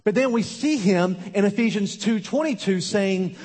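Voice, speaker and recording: A man delivers a sermon with an emphatic, repetitive preaching rhythm and sudden quiet drops. His voice sits a little high with a husky edge. A long reverb from a large worship hall trails his words. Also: lively intonation, moderate pace, few pauses. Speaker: pastor.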